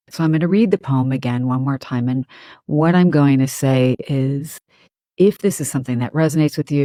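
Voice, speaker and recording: A woman psychologist hosting a solo podcast, talking in a gentle, unhurried way with soft fillers. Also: rumbling low, dry recording.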